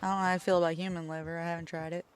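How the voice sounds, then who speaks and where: A woman's voice: fairly low pitch, flat delivery, racing. A woman co-hosting a game stream, chatting casually in a blunt, offhand way. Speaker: co-host streamer. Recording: clear background noise.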